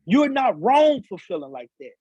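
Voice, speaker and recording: A man's voice: sits high, big pitch swings, moderate pace, darkish tone, husky, no room sound, highs cut off. A man, father of seven, speaking in impassioned, repetitive podcast talk, building to emphatic peaks. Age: adult father of seven sons. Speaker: author and speaker, guest.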